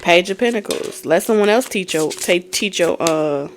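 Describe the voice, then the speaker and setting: A woman's voice: on the low side, lively intonation, moderate pace, background noise. Blunt, profane woman tarot reader. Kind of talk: profane tarot reading rant.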